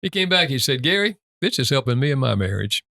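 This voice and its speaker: An older man, a guest author, retelling stories in an interview chat, raising his pitch when he quotes other people and laughing lightly at his own anecdotes. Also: very animated, quick pace, creaky, pushed and bright, dry recording, studio quality.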